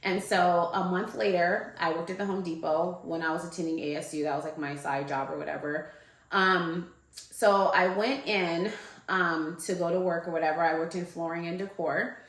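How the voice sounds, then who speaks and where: A woman's voice: lowish voice, fairly even intonation, normal speed. A woman telling a personal story in a loose, chatty way, full of fillers like "like" and "um". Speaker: guest. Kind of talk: casual storytelling. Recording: echoey room.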